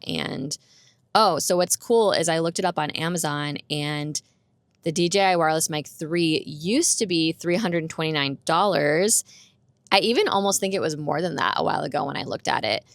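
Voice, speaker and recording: Young woman rambling on her podcast, low-ish gravelly voice, dry close sound. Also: no room sound. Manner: chatty and candid, laughs often. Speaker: podcast host. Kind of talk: casual solo podcast chat. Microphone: roommate's borrowed microphone.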